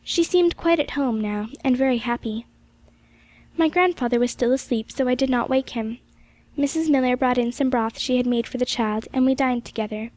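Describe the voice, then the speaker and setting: A woman reading a classic novel aloud as an audiobook, in gentle, measured storytelling narration. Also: sits high, no room sound. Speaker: audiobook reader.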